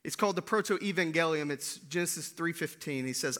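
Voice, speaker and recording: Animated pastor, bright high voice. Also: male voice, a little fast, hardly any pauses. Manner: animated, swings from loud to hushed, many "right?" asides. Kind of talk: sermon.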